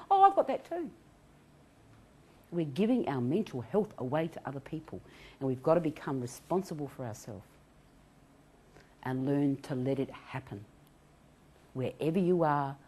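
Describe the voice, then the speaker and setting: A middle-aged woman giving an animated self-help talk on anxiety recovery. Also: low voice. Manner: animated, acts out quoted voices, laughs often.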